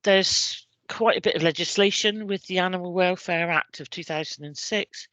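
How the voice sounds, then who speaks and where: A middle-aged woman with a West Country English accent gives an informal work presentation, pausing often with ums and restarting her sentences. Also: on the low side, fairly bright tone, dry recording. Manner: hesitant, many ums and restarts. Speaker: civil contingencies officer presenting. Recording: dry, dull lo-fi recording.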